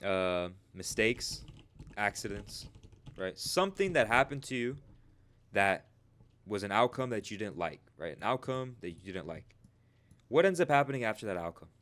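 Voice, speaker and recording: Man, fairly low voice, preachy trading coach who keeps asking "right?". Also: a bit bright. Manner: repeats "right?" and "you guys" constantly, rhetorical questions. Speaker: trading educator. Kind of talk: motivational teaching monologue.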